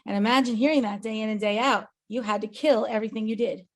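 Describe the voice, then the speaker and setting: A woman's voice: fairly high pitch, fairly even intonation, fast. A woman and agency owner giving an earnest, emphatic motivational talk on a company call, often checking in with "right?". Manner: emphatic, earnest, tag questions.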